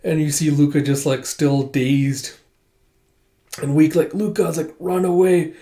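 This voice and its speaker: A man's voice: a little high, steady tone, measured pace, dark tone. A man casually narrating and reacting to a comic chapter, chatty and often laughing. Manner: chatty, laughing, many fillers. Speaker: comic read-through host. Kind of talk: casual commentary.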